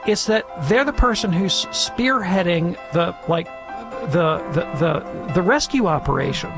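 A man's voice: high-pitched, expressive, measured pace, gravelly, music in the background. A man answering a caller's question on a call-in radio show, explaining with everyday examples and checking in with "right?" as he goes.

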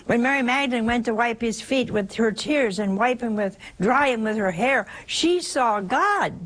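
A woman preaching an informal sermon in a conversational way, asking rhetorical questions and suddenly leaping up in pitch for emphasis. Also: lively intonation, moderate pace, fairly bright tone.

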